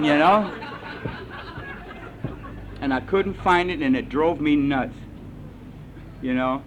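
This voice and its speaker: A man's voice: a little high, slow, pauses often, a little hiss or hum, low-quality recording. Salty storytelling man at a recovery meeting. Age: older. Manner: salty, storytelling, animated asides. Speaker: AA meeting speaker.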